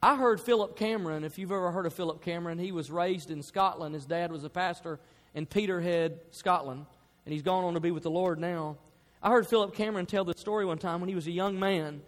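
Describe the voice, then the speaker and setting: A man preaching a sermon as pastor, building to loud emphatic peaks and dropping to soft, quiet passages. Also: high-pitched. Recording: long hall reverb.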